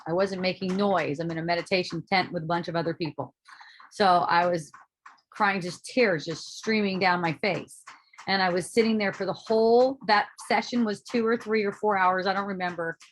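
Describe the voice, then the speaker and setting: A woman's voice: lowish voice, normal speed, a little hiss or hum. Candid woman telling a personal story. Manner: candid, casual and animated, with frequent "um" and "like", occasional swearing. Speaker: spiritual speaker and author.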